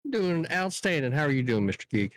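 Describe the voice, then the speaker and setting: A man co-hosting an online panel, joking and teasing with a slow drawl. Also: fairly high pitch, sing-song, no room sound. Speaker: co-host. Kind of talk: casual livestream panel chat.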